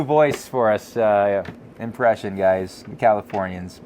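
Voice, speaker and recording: A man co-hosting a podcast, chatting casually, reading viewer comments and telling animated stories with frequent laughter. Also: lowish voice, unhurried, a little hiss or hum. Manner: animated storytelling, laughs often. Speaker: podcast co-host.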